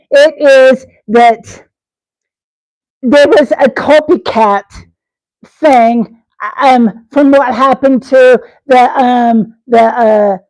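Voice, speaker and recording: A woman's voice: fairly high pitch, a little mellow, dry recording, poor audio. A woman hosting a live stream, rambling through comic bits, giggling and calling out viewers by name. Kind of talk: rambling comedic live chat.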